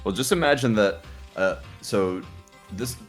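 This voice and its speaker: A man's voice: fairly low pitch, animated, unhurried, faint music behind. A man streaming with friends in casual chat, giggling and making crude jokes.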